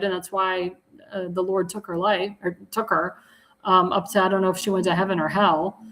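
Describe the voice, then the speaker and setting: A woman's voice: medium pitch, fairly bright tone, rough recording. A woman hosting a live political talk show, plugging candidates with enthusiasm, repeating calls to donate and correcting herself mid-sentence.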